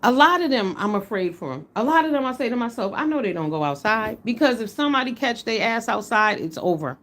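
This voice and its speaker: Blunt, animated middle-aged woman livestreamer. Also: on the high side, fast. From United States. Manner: blunt, animated, swears freely. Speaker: livestream host. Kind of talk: casual livestream talk.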